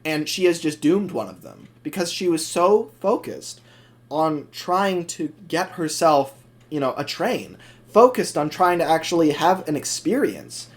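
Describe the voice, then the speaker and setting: A man co-hosting a podcast in casual chat, animated and acting out scenes as he tells a story. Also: a little high, unhurried. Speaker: podcast co-host.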